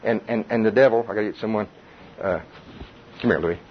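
A middle-aged man preaching to a Bible study group in a lively, conversational way, with chuckles and repetition. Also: on the low side, brisk, slight background noise. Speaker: pastor. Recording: dull muffled recording.

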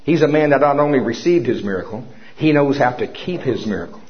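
A man's voice: medium pitch, animated, a little fast. A man preaching a sermon in a church service, telling a personal story and making commanding declarations of faith. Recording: dull lo-fi recording.

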